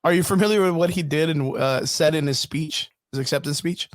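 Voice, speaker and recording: A man with a slightly raised pitch keeps an easygoing tone in casual podcast chat. He hedges his views with lots of fillers, recorded dry and close to the mic. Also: fairly quick, no echo. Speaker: podcast co-host.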